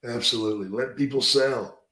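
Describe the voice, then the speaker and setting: A man's voice: medium pitch, fairly quick, pushed and bright. Man, podcast host, blunt, profane, opinionated, casual interview, roomy echo.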